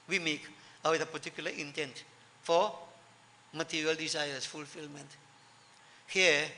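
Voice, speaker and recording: A man's voice: a little high, sharp tone. A man giving a sermon to devotees, earnest, repeating key lines for emphasis. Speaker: preacher. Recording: long hall reverb.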